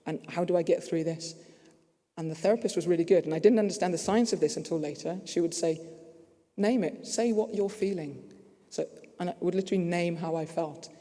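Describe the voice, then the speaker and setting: A man's voice: fairly high pitch, steady tone, fast, mellow. A man with a New Zealand accent, giving an earnest, story-driven conference talk. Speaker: conference speaker. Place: conference hall. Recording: echoey hall.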